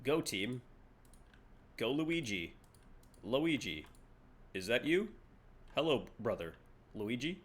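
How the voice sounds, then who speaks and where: A man voicing a goofy, boastful male Italian plumber in a clumsy put-on impression, lower and softer than his own voice. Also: very animated, slow, pauses often, slightly rough, full character voice.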